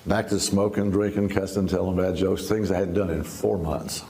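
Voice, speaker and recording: An older man in his seventies with a low, gravelly voice tells his testimony as an interview guest. He speaks in a folksy, easygoing way and laughs now and then. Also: fairly even intonation, normal speed, mellow. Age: 70s. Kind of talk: storytelling testimony.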